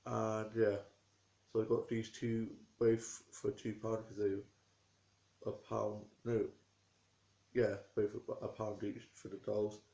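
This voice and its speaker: A talkative young man tells his day to camera in loose, rambling chat. His voice stays flat in pitch and has a gravelly creak. The sound bounces around an echoey room at home. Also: dull audio. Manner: rambling and chatty, with small restarts. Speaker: vlogger. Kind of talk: casual chatty storytelling to camera.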